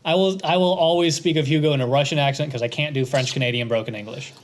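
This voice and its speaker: A man's voice: fairly high pitch, quick pace. A man co-hosting a podcast, chatting casually and enthusiastically about a movie, with jokes and swearing. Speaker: podcast co-host.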